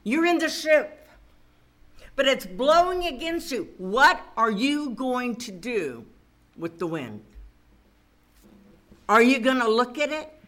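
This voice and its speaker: A woman preacher delivers a sermon, her bright, tense voice swooping widely in pitch. She takes her time with each phrase and keeps putting questions to the listeners. At moments she builds to fervent calls to press on. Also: big pitch swings, slow, long pauses. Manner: preaching with rising fervor and call-and-response questions.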